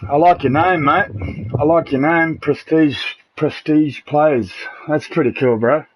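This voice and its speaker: Speaking a little slowly in a voice on the high side, this middle-aged Aussie is on a live game stream chatting casually with his party. He sounds blunt and put out, swears freely and keeps saying mate and bro, all through a muffled, noisy home mic.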